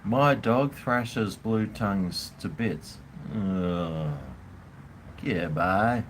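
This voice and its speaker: A man with an Australian accent rants bluntly and swears while chatting casually with viewers as host of his livestream. His voice is fairly low and he draws out his words, with slight background noise.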